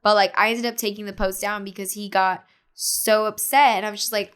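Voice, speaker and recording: A woman's voice: mid-range voice, fairly quick, clear, resonant tone. A young woman, a podcast guest, casually telling a story with lots of fillers and acting out what others said. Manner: animated retelling with many fillers, acting out others' lines.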